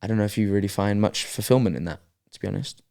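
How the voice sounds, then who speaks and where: A man's voice: fairly low pitch, quick pace, creaky, a little mellow. A man co-hosting a podcast, talking casually and thinking aloud with hesitant restarts. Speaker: podcast co-host. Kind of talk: casual reflective chat.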